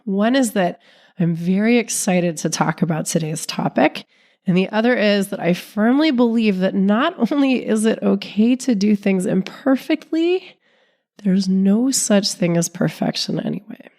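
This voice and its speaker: A woman relationship coach hosting her own podcast, talking calmly and steadily while sick, her voice sounding off from illness. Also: medium pitch, a little slow. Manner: calm, steady, non-judgmental explaining. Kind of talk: solo podcast talk.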